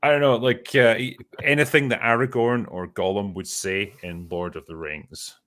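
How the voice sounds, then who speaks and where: A man's voice: lowish voice, fairly even intonation, moderate pace, fairly bright tone. A man hosting a casual panel chat, blunt, swearing freely and laughing often. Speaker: host.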